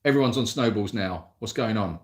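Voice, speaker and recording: A man runs a casual livestream Q&A for an animal sanctuary, answering viewer comments into his mobile phone. He rambles and pokes fun at himself, speaking a little fast in a voice on the low side.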